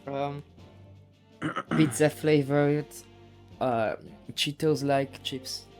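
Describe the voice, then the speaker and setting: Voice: medium pitch, steady tone, extremely slow, darkish tone, soft background music. A streamer chatting casually and giggling between lines during a group fan dub. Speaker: streamer voicing the defense lawyer.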